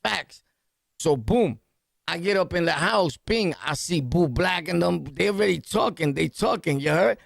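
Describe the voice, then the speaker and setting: High gravelly New York man. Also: measured pace, no room sound, studio quality. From New York City. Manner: animated, slangy, punchy storytelling with sound-effect words. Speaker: podcast host. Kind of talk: storytelling jail anecdote.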